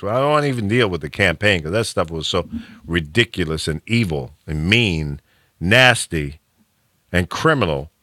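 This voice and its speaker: A man hosts a talk show with a very deep voice that still rings bright and forceful. His pitch swings widely as he talks, and he keeps restarting his thoughts and chuckling. The sound is close and dry, with no room in it. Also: no room sound. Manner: opinionated, animated, chuckles often, frequent restarts. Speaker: radio talk show host. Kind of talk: casual talk show banter.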